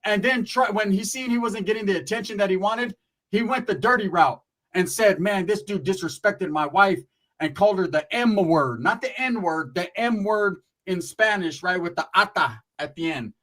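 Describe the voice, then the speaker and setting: High-voiced blunt ranting man. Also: normal speed, a bit bright, poor audio. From Northern California. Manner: blunt, profane, repeats "right?" and "bro". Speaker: YouTuber. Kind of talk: livestream rant.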